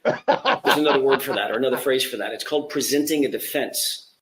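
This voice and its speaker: A man giving measured legal commentary in a dry, sardonic tone. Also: medium pitch, fairly bright tone. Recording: roomy clip with faint ambience.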